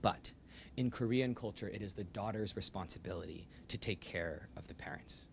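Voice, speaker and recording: A man's voice: fairly low pitch, normal speed, creaky, a little hiss or hum. A man voicing a stern, devout older immigrant grandmother who speaks matter-of-factly. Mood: earnest.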